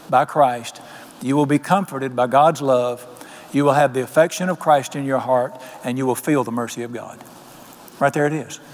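A man preaching a sermon as pastor, telling homespun stories and asking his congregation questions. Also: mid-range voice. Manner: folksy storytelling preacher, quotes people in voices, asks the congregation questions. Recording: long hall reverb.

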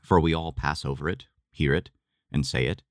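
A man giving a measured, deliberate scripted reading of a religious text. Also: a bass voice, no room sound, studio quality. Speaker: reader.

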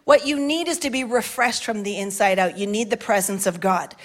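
A middle-aged woman pastor preaching a sermon in a church, passionate and building to shouts at the big moments. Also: mid-range voice, a little fast. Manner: passionate, rising to shouts at climaxes. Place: church sanctuary with balcony.

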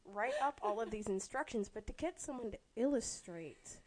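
A woman's voice: mid-range voice, normal speed, over a noisy crowd. Dry teasing woman podcast co-host. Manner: dry, teasing, deadpan asides. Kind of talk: casual chat.

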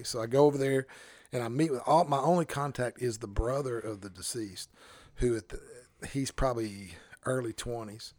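A male pastor spins a story for his co-hosts, lively and self-interrupting, with chuckles along the way. His voice sits mid-range for a man. It is recorded close and dry, with no room sound. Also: medium pitch, moderate pace, no room sound. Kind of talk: casual storytelling on a podcast.

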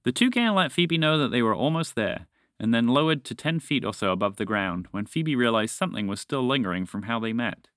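A man reading a children's fantasy story aloud as a podcast host, with expressive narration. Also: medium pitch, a little fast, dry recording, studio quality. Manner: expressive, animated.

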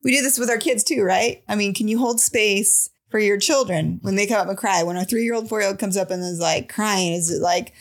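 Young woman on a podcast, casual and giggly, chatting in fast little bursts, voice right in the middle of her range, nothing too high or low about it. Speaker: podcast co-host. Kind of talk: casual chat.

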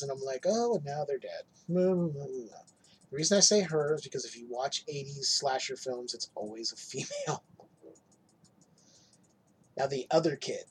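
A man's voice: mid-range voice, slightly rough. A man in casual podcast chat, animatedly retelling a horror film, acting out lines and swearing freely. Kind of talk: casual movie recap chat.

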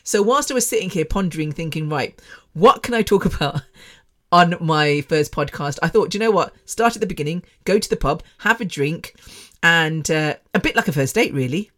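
A woman's voice: low-pitched, expressive, moderate pace, a bit bright. A woman from England in her forties, a former radio presenter hosting her own podcast in a chatty, self-mocking way, laughing often. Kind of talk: casual monologue.

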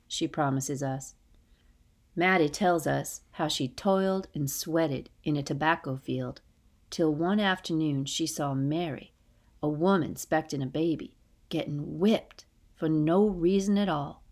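Gentle woman narrating a storybook. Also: low-pitched, unhurried. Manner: gentle, dialect-inflected storytelling with quiet hushed passages. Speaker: audiobook narrator. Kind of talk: scripted storybook narration in first person.

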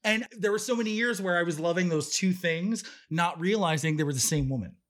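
A man's voice: high-pitched, brisk, a bit bright. A man co-hosting a casual podcast chat, theatrical and giggly, often slipping into campy put-on voices. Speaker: podcast co-host.

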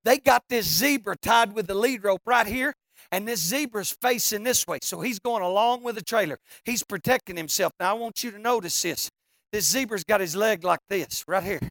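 A preacher telling a funny story in a sermon, folksy and animated, now and then breaking into shouts. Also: mid-range voice, moderate pace, vocal fry, no echo, clean studio sound.

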